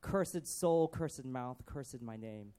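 A man's voice: mid-range voice, lively intonation, slow pace, mellow, smooth. A man reading a rhymed poem in the voice of a guilt-stricken male disciple who begs for mercy. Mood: remorseful. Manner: rhymed, pleading poetic recitation.

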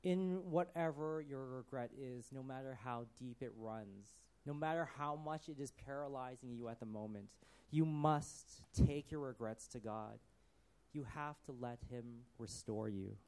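A man preaching a sermon, earnest, often dropping to a soft voice. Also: mid-range voice, measured pace.

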